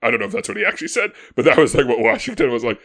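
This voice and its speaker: Laughing a lot, a medium-pitched co-host with vocal fry keeps a casual history podcast lively by slipping into quick impressions of historical figures.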